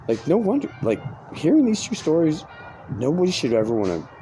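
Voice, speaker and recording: With a fairly high, dark-toned voice that swoops wildly in pitch, this podcast host briskly spins a meandering, foul-mouthed tale, cutting himself off mid-sentence and starting over. The background is noisy.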